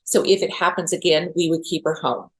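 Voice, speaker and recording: A woman's voice: lowish voice, little pitch movement, fairly quick, husky. A middle-aged woman guest on a podcast interview, speaking earnestly and emotionally. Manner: emotional, earnest, tearful at times. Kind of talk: interview conversation.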